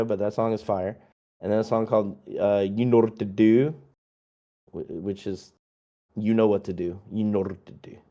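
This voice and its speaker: A man's voice: on the low side, dark tone. A young man, a musician guest, chatting casually through a long list of his releases, rambling and joking with lots of fillers.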